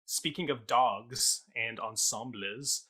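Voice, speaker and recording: A man's voice: medium pitch, takes it slowly, bright, forceful tone, breathy edge. A man who co-produces the show, chatting in a playful, self-deprecating way. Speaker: co-producer and panelist. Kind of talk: casual chat.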